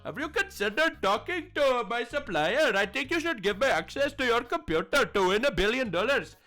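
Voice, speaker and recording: A man doing a mock phone scammer, wheedling and slow. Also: very high voice, animated, pushed and bright, soft background music, pitched above the performer's own voice, exaggerated voice.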